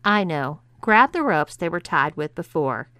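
A woman's voice: on the low side, very animated, unhurried, bright, forceful tone, no echo, exaggerated voice. A woman reading the part of a bossy adult woman who taunts and gives orders. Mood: commanding. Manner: taunting, commanding.

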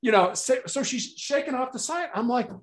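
A man's voice: extremely high pitch, normal speed. A middle-aged man from Chicago, a motivational speaker telling stories as a podcast guest and acting out the lines he quotes. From Chicago, United States. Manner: animated storyteller, acts out quotes. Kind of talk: storytelling interview talk.

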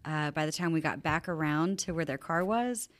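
Woman producer, low voice, relaxed, light chuckles. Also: normal speed. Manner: easygoing, laughs lightly while telling a story. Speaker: podcast producer. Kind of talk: casual anecdote.

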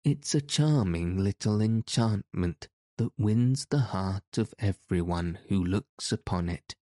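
A man reading a storybook, voicing a calm, polite wandering man who is never flustered. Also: on the low side, takes it slowly, no echo, clean studio sound.

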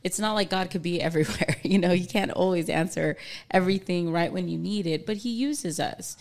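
A woman's voice: on the low side, a little fast, darkish tone. Chatty woman podcast host. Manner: chatty, reflective, chuckling asides. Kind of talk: casual conversation.

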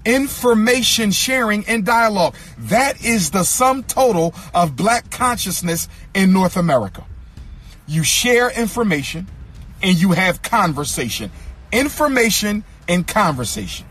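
A man giving an impassioned speech, repeating lines in an emphatic rhythm and sometimes singing or shouting phrases. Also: high-pitched, breathy edge. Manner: occasionally sings or shouts phrases. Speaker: speaker addressing an audience.

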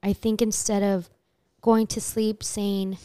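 A woman chatting on a podcast, frank and free with swear words. Her voice is mellow and warm, recorded dry and close, at a middle pitch. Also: little pitch movement, takes it slowly, smooth, no echo. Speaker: podcast co-host. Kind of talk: casual chat.

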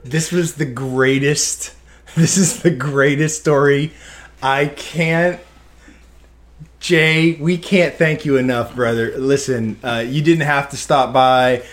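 A man co-hosting a podcast in casual chat, excitable and constantly exclaiming in disbelief. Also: medium pitch, takes it slowly. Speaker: podcast co-host.

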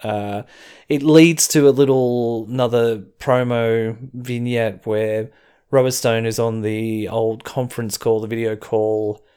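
A man with an Australian accent talks through a wrestling episode in a loose, chatty way, pausing for little laughs and side comments. His voice sits at an ordinary middle pitch, neither deep nor high. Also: level tone, dark tone, clear, resonant tone. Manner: chatty, rambling, chuckling asides. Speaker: podcast host. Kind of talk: casual wrestling recap.

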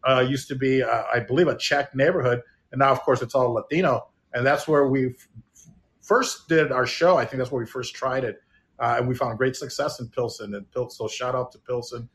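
A man's voice: medium pitch, steady tone, brisk, a bit bright. Man from Illinois, reflective chat. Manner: reflective, rambling with many restarts. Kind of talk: casual chat.

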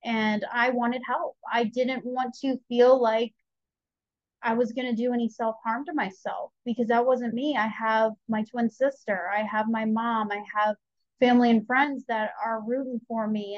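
Podcast guest: young woman, lively storyteller, slightly dull lo-fi audio. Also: fairly high pitch, moderate pace, no room sound. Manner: chatty, animated, quotes herself and others. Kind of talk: candid personal storytelling.

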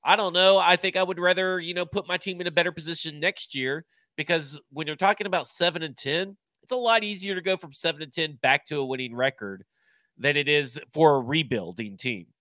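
A man's voice: a little high, fairly quick, pushed and bright, dry recording. A man co-hosting a casual sports podcast, giving blunt, emphatic opinions. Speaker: podcast co-host.

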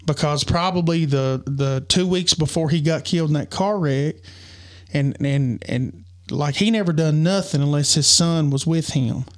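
A man, co-hosting a podcast and telling a personal story in an earnest, halting way full of restarts. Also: fairly high pitch. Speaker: podcast co-host.

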